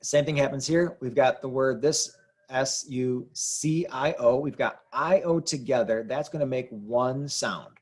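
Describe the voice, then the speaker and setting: A man's voice: medium pitch, unhurried, slightly rough. A man teaching a lesson, explaining rules patiently and repeating key points. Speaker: Spanish teacher. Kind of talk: classroom explanation.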